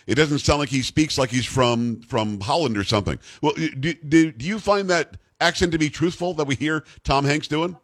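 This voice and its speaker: A man's voice: on the high side, moderate pace, hardly any pauses, dry recording. A man hosting an interview, eager and chatty, who often restarts his sentences. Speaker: host. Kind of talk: casual interview.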